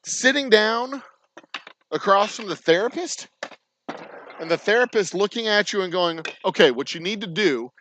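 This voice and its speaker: High-pitched and animated at normal speed, this Texan-accented man hosts a distillery's channel, ranting casually to camera with sarcasm, lots of cursing, and mocking impressions. His tone is a bit bright, and the rough recording carries a little hiss or hum.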